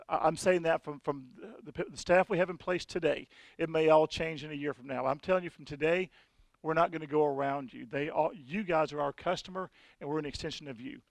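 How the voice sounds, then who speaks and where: A man's voice: a little high, creaky, dry recording. A man giving a folksy, conversational sales presentation to an audience at a conference session.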